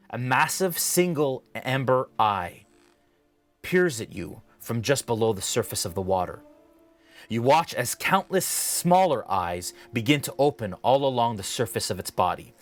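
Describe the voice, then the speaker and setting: A man narrating as dungeon master, setting the scene in a measured, descriptive way. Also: mid-range voice, a bit bright. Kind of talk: narrating a tabletop game.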